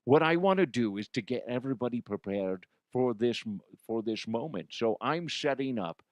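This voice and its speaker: A man's voice: mid-range voice, expressive, moderate pace, darkish tone, no room sound, studio quality, lightly acted. A man putting on a brash, cheeky older guy.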